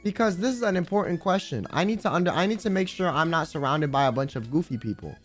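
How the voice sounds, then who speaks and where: A male live streamer with a bright, high-pitched voice rambles in crude jokes as he chats with his audience. His delivery is loose and casual. Faint background music hums underneath. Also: animated, fast talker.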